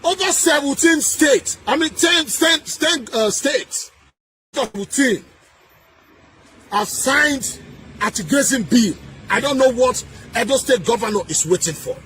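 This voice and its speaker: A man with a Nigerian accent delivering a heated political rant, emphatic and repetitive, with sing-song rises and shouted bursts. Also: extremely high pitch, expressive, a little slow, a little hiss or hum. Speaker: political commentator.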